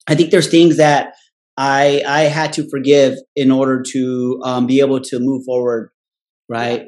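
A man's voice: medium pitch, darkish tone. A man shares a candid personal story in loose, profane talk. He ends nearly every phrase with a questioning "right?" and briefly slips into his relatives' voices as he quotes them. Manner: profane and blunt; acts out family members in quick quoted voices.

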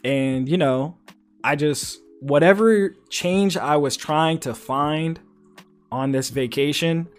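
A man's voice: fairly high pitch, slow, soft background music. A man hosting a podcast, telling a long story in casual, profane chat and acting out the quotes. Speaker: podcast host.

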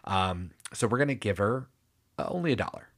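A man with a somewhat low voice talks in loose, joking podcast banter. He rambles through episode notes with dry sarcasm and quick asides. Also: animated. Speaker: podcast co-host. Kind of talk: casual chat recapping a TV episode.

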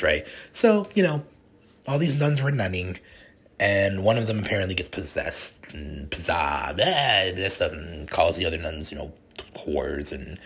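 Husky guy podcasting, chatty and rambly, voice jumps around a lot. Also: sits low. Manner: rambling, animated retelling. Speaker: podcast host. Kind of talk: casual chat.

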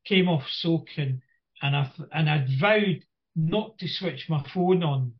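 A man telling a lively anecdote in a casual podcast chat. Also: a little high, a little slow, highs cut off. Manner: animated anecdote teller.

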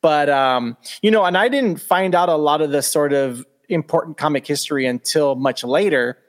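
A man hosting a podcast in relaxed conversation, asking questions. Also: a little high, moderate pace. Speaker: podcast host. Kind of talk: casual chat.

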